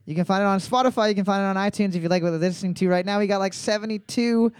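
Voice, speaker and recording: Hombre presentador de trivia, voz aguda y grabación seca. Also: male voice, sits high, clear, resonant tone, no room sound, clean studio sound. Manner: reads questions twice, slow and drawn out, jokes between. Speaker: trivia host. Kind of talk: live bar trivia hosting with joking banter.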